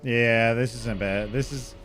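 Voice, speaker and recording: A young man chatting casually with viewers while he streams a game, relaxed, laughing often and swearing freely. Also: mid-range voice, unhurried, faint music behind. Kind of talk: casual live-stream chat while gaming.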